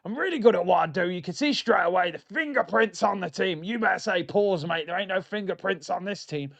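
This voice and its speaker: A man's voice: high voice, fairly quick, vocal fry, fairly bright tone, pitched above the performer's own voice, full character voice. A man putting on the voice of a blunt, boastful northern football manager who keeps saying mate. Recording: dull lo-fi audio.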